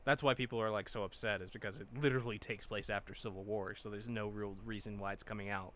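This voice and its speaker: A man's voice: lowish voice, steady tone, fast talker, fairly bright tone, a little hiss or hum. A young man co-hosting a podcast in casual chat, blunt and swearing now and then. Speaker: podcast co-host.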